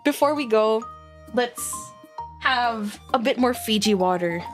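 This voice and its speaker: A woman's voice: fairly high pitch, expressive, a little slow. A woman streamer chatting casually and playfully with her audience, laughing often. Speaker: virtual streamer. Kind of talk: casual live-stream chat. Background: faint background music.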